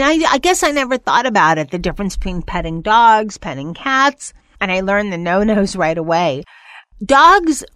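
Chatty woman hosting a pet show. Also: no echo. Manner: chatty, rambling, playful, mimics excited pets in high voices. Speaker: pet podcast host. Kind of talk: casual monologue.

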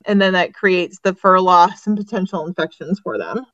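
A woman's voice: fairly low pitch, expressive, moderate pace, a bit bright, no echo, dull audio. A woman veterinarian guest on a podcast, explaining and giving advice informally. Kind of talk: casual interview chat.

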